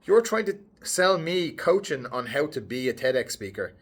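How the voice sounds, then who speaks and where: A man, a headshot photographer, casually telling a story straight to camera with a lively, bouncy delivery. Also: moderate pace, husky. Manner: animated, lively, pitch swinging up and down.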